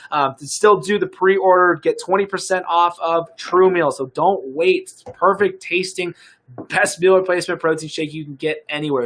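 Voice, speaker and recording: A young American man coaching fitness on a live stream, his voice sitting a little high for a man. He talks casually and upbeat, rambling with fillers and restarts as he pitches a product to viewers. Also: a bit bright. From United States.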